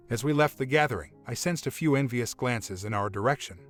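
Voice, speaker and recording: Calm man narrating a story. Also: mid-range voice, a little fast, few pauses. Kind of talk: scripted first-person story narration. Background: faint music.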